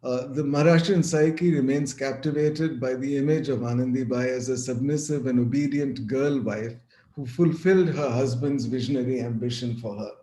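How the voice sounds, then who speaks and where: A man delivers an academic talk over a video call, his voice dark and mellow. He reads measured passages with small restarts, and the room around him echoes noticeably. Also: mid-range voice. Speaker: lecturer. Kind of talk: academic lecture, partly read.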